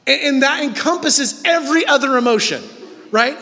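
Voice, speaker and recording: High-voiced guy preaching, jokey and self-deprecating, big echoey hall. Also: normal speed, sharp tone. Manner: humorous, self-mocking, conversational. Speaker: pastor. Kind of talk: sermon.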